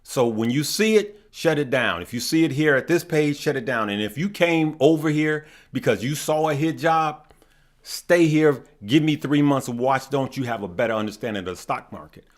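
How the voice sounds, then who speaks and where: A man's voice: mid-range voice, expressive, normal speed. A middle-aged man speaks in a mid-range voice, hosting his own channel in an impassioned livestream talk. He preaches and tells stories in a folksy way, often repeating his phrases. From West Side of Chicago. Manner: preachy, repetitive, folksy storytelling. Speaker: stock market channel host.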